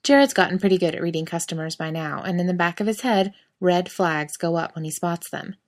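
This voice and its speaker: A woman's voice: fairly low pitch, brisk. A woman narrating a scripted story in a wry, sardonic manner.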